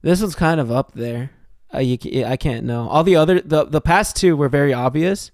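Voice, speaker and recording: With a fairly high, slightly mellow voice at normal speed, a young streamer plays a horror game live, thinking out loud and joking as he solves puzzles. The sound is clean studio audio with no echo.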